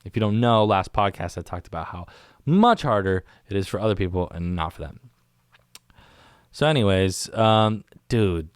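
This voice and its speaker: A laid-back man rambles through a casual solo podcast, leaning on dude and man at every turn. His voice sits fairly low but swings around a lot in pitch. He talks into a studio microphone in a small room, and the sound is close and dry. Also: lively intonation, normal speed, smooth, no echo. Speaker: podcast host. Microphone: studio microphone on camera.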